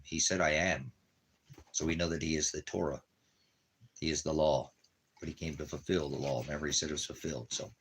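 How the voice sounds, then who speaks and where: This man's voice is rumbling low, husky and a bit bright. Chatting casually at home in the desert, he rambles, repeats himself, coos at his dog, and ends up preaching about religion.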